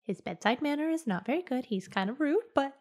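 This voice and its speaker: A woman playing a tabletop game, playful and full of quick asides. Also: high-pitched, animated, a little mellow. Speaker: player. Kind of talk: tabletop role-play in character.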